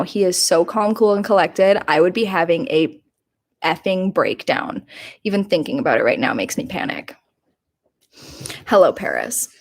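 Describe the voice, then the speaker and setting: A young woman in her twenties hosting a casual live stream, chatty and quick to laugh, dramatic about small mishaps. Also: medium pitch, darkish tone. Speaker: YouTube livestream host.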